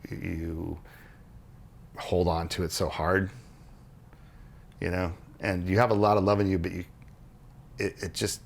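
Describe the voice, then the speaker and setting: A man on a podcast, explaining ideas earnestly in casual conversation and acting out quoted dialogue as he goes. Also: slight background noise. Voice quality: low gravelly voice, husky. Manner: earnest, animated storytelling with restarts and quoted dialogue. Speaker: podcast co-host explaining religious history.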